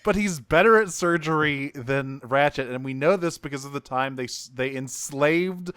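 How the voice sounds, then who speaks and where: A man's voice: a little high, moderate pace, clear, resonant tone, dry recording, studio quality. A man co-hosting a podcast, chatting casually and profanely as he recaps cartoon episodes and acts out lines in goofy voices. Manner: animated, profane, acts out quotes in silly voices. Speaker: podcast co-host.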